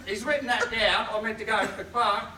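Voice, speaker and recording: A man's voice: high-pitched, quick pace, heavy background noise. A man doing a rambling stand-up comedy set and laughing through his own punchlines, recorded live in a comedy venue. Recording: roomy live room, distant mic.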